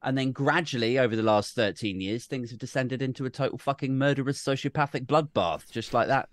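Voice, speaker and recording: A man's voice: medium pitch, fairly quick, no room sound. A man co-hosting a casual political podcast, loose and rambling, swearing freely. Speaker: podcast co-host.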